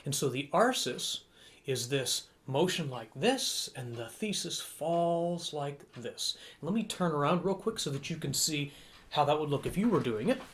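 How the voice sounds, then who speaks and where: A man's voice: fairly high pitch, lively intonation, a little slow, slight background noise. An American man, a young adult music director, teaching a lesson that explains and counts rhythms aloud as he demonstrates conducting.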